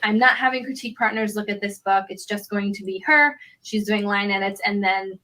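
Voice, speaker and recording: A woman's voice: medium pitch, fairly quick, bright, forceful tone. A woman author talking in a casual vlog, candid and reflective about her own work. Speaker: author and vlogger.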